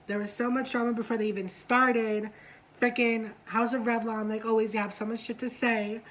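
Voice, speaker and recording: A woman co-hosting a reality show review in casual chat, gossipy and quick to swear, acting out what the cast said. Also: on the high side, little pitch movement, fairly bright tone, rough recording. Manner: chatty, gossipy, swears freely, acts out quotes.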